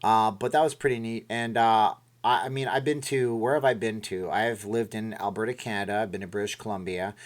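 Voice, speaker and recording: A man's voice: fairly low pitch, fairly even intonation, a little fast, few pauses. A middle-aged man hosting a casual livestream from home, giving rambling motivational talk and reading viewer messages. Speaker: livestream host.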